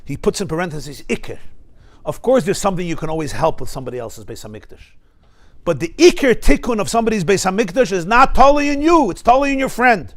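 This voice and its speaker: A man teaching a Torah class, emphatic and lively, weaving Hebrew quotations into his talk. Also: high voice, fast talker. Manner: emphatic, mixes Hebrew and Yiddish terms into English, acts out voices.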